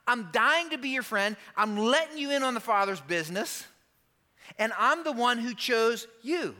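A man preaching a sermon as a pastor, emphatic and animated, acting out quoted lines and tossing asides to the congregation. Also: very high voice, normal speed. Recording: long hall reverb.

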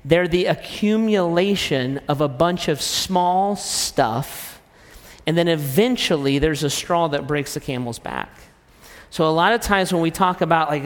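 A man with a high speaking voice gives a loose, joking talk to a crowd. He pokes fun at himself as he goes. His voice trails off into a long hall reverb. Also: lively intonation, unhurried. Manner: conversational, self-deprecating, jokey. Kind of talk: humorous sermon-style talk.

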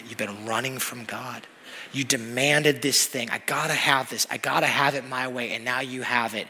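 Male pastor, forceful and slightly husky, animated sermon delivery, long reverb of a big hall. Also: medium pitch, a little hiss or hum. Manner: animated storytelling, rising to loud emphatic peaks.

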